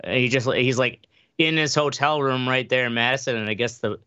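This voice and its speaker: A man's voice: mid-range voice, steady tone, sharp tone, clear, resonant tone, dry recording. Rambling man telling a story, lo-fi. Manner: rambling storyteller, halting with many fillers. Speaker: podcast co-host. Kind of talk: casual chat.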